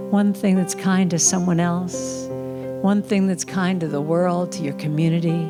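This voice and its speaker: A woman's voice: fairly low pitch, steady tone, loud music behind the voice. Woman telling stories at a spiritual service. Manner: warm storytelling with acted-out voices, then leads a slow sung chant. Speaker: guest speaker and singer at a spiritual center. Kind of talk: storytelling talk ending in a sung chant.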